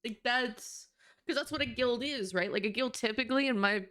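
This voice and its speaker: A woman's voice: on the high side, moderate pace, a bit bright. A woman streamer chatting casually on a live stream, emotional and tearing up, talking in a gushing way. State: tearful.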